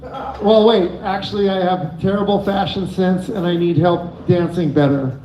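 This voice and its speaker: A man does open-mic stand-up on a bar stage, handheld mic in hand, in a high voice with fairly even intonation and a slightly slow pace. He's rambling, giggly and loose, and there's slight background noise along with an echoey room and muffled mic.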